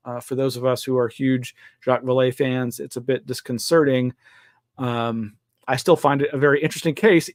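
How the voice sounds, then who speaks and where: Man, live-show host, casual rambling delivery, lots of fillers, mid pitch, dry close sound. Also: darkish tone, no echo. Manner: rambling, chatty, hesitant with fillers. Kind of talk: casual live news roundup.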